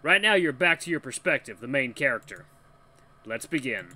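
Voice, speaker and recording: A man hosting a let's play who reads the game text aloud and comments excitedly. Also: mid-range voice, moderate pace. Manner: excitable, laughs easily, breaks into loud protest. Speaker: gaming channel host.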